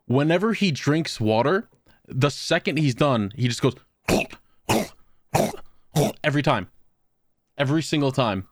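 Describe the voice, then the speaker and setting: A man's voice: fairly high pitch, no room sound, clean studio sound. Profane, rambling young man telling stories. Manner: rambling, profane storytelling with laughs. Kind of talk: casual chat.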